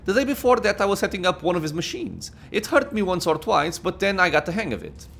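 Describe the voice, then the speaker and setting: A man's voice: high-pitched, sing-song, quick pace, vocal fry, a bit bright, slight background noise, voice pushed up, full character voice. A man reading aloud the lines of a troubled, defiant woman psyker from a video game, in a slightly raised voice. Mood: uneasy. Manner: reads dialogue aloud in a slightly raised, lightly acted voice.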